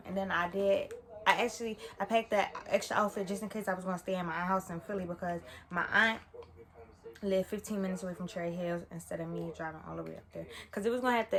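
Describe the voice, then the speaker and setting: A young woman talks through a personal story from her bedroom. She rambles, backtracks and corrects herself with lots of fillers. Her voice sits at an ordinary middle pitch. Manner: casual, rambling, self-correcting with many fillers. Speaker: vlogger. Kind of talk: storytime vlog.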